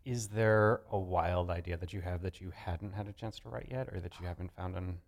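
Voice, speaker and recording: A man hosting an interview, asking measured questions and closing with a formal sign-off. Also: low voice, steady tone, creaky. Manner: measured, short affirmations. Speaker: interviewer host. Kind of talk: radio-style interview.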